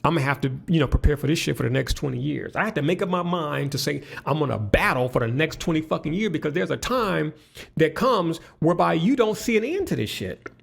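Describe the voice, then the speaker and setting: Man, podcast guest, raised pitch, very lively intonation, blunt storytelling. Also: fast, gravelly, husky. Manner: animated, profane storytelling with many restarts. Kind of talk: casual podcast conversation.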